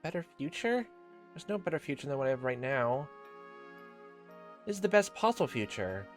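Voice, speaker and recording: A man voicing a gentle but guarded teenage girl in a visual novel, his voice raised and softened, turning from sweet to flat and mocking. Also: fairly high pitch, normal speed, soft background music, pitched above the performer's own voice. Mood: insistent. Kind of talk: dramatic reading of visual novel dialogue.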